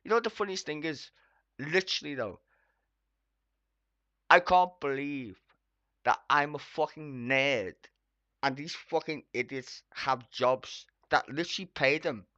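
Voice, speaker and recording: A streamer delivering an angry, profane reaction rant at their computer, swearing constantly and breaking into loud outbursts. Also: mid-range voice, measured pace, long pauses, dry recording, muffled recording. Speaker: streamer reacting to a debate clip. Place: at a home computer.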